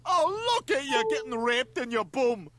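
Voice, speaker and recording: A ranting Scottish TV-yeller. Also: male voice, very high voice, sing-song, normal speed. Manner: scolding, ranting, shouting at characters on screen. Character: cranky Scottish man yelling at the TV. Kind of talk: cartoon voice acting.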